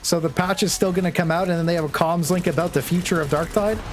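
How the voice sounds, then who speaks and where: A man's voice: on the high side, fairly even intonation, quick pace, slight background noise. A young man casually chatting with his viewers during a game live stream, rambling and joking, often with a laugh. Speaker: gaming streamer.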